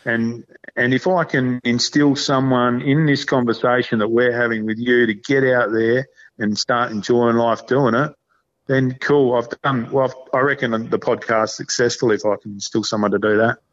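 A man's voice: medium pitch, steady tone, moderate pace. A man with an Australian accent chatting casually as a podcast guest, rambling in a laid-back, blokey way full of slang. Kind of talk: casual chat. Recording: dull lo-fi sound.

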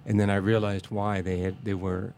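A man reminiscing in a casual interview, speaking haltingly with many restarts and fillers and a reverent tone. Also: deep voice, little pitch movement, a little mellow, slight background noise.

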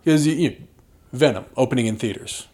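A man's voice: medium pitch, a little fast, a little mellow. A man hosting a comedy podcast, chatting playfully and slipping into silly voices. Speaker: podcast host. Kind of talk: comedic casual chat.

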